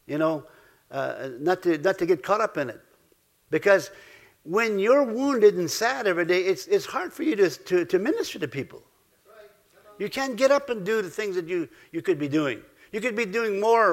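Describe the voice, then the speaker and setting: A middle-aged man preaching a sermon, halting and repeating himself, swinging between loud exclamations and soft asides. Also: high-pitched. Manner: halting, repeats words and restarts.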